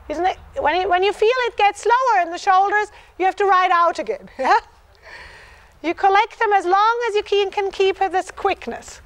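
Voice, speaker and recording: Very high-voiced woman coaching a riding lesson. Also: animated, moderate pace, a bit bright. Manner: encouraging, repeats "yes" and chants rhythms aloud. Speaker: dressage clinician.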